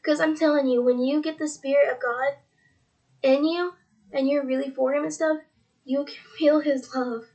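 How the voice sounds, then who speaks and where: A teenage girl with a high voice talks earnestly to her viewers in a faith vlog. She rambles, repeating "he's like" as she quotes, and her voice is tearful. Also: steady tone, moderate pace, creaky, darkish tone. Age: teens. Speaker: religious vlogger.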